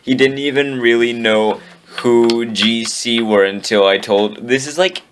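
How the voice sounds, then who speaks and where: A man reads a clumsy story aloud at a slow, drawn-out pace. He sounds weary and deadpan, breaking off to question the text in disbelief. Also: medium pitch, a little hiss or hum. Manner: weary, incredulous remarks. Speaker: comedic reader. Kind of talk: deadpan comic reading.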